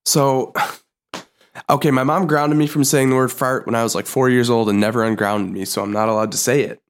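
A man's voice: mid-range voice, fairly even intonation, fairly quick, clear, resonant tone. Young guy cohosting a podcast, joking around, fake offended. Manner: playful, mock-indignant, laughing. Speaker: podcast co-host. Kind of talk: casual comedy chat.

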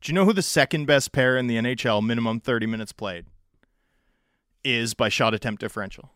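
A man's voice: medium pitch, brisk, a bit bright, no room sound, clean studio sound. A man co-hosting a casual sports podcast, chatty, stumbling over restarts and fillers. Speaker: podcast co-host.

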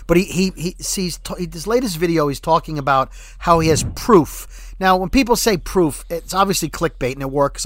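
A man's voice: on the high side, fairly bright tone, no echo. A man co-hosting a casual fan podcast, rambling and joking as he talks. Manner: rambling, joking, self-correcting. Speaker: podcast co-host. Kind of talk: casual fan-show chat.

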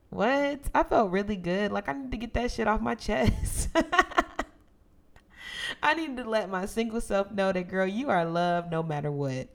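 A young woman hosting her own podcast in casual, expressive, sisterly talk. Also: fairly low pitch. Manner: expressive, playful, sisterly and emphatic. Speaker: podcast host.

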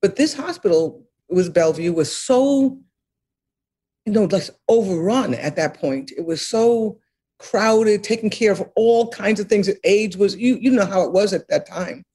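An older woman in a reflective interview, her voice husky and a little breathy. She speaks earnestly and with emphasis, circling back to repeat key phrases and laughing softly between thoughts. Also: medium pitch, animated, measured pace. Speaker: interview guest, author.

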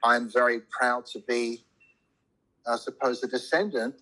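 Speaking unhurriedly in a mid-range voice, a man who moved to a Commonwealth country as an immigrant chats loosely on a podcast, rambling, restarting often and swearing freely when riled while pushing strong opinions. The tone is bright and forward with a husky edge; the recording is low quality.

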